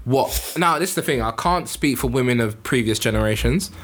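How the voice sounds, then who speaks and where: Man, mid-range voice, measured, opinionated, podcast co-host. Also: medium pitch, lively intonation, fairly bright tone. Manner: opinionated and measured, building his case. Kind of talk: casual podcast discussion.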